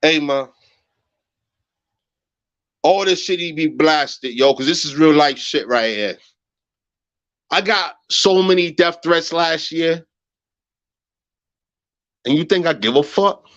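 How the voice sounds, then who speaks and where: A man rants on a livestream, slightly high-pitched and profane, hammering phrases again and again. He drops to low mutters, then breaks into high shouts, and the audio comes through dull and muffled. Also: animated, slow, pauses often. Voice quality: profane, agitated, repeats phrases. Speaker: livestream host. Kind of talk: heated livestream rant.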